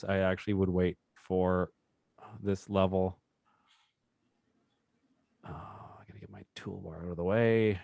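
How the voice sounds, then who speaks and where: A man with a lowish voice hosts a live trading session, chatting upbeat through the charts and joking with the group. It's a casual demonstration, and the sound has no echo.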